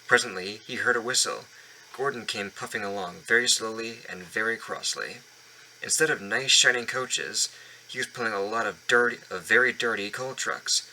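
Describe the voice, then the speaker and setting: A man's voice: lowish voice, normal speed, sharp tone, slight background noise, rough recording. A man reading a children's storybook aloud at home, often stumbling and restarting lines. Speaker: reader of a children's book. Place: home basement.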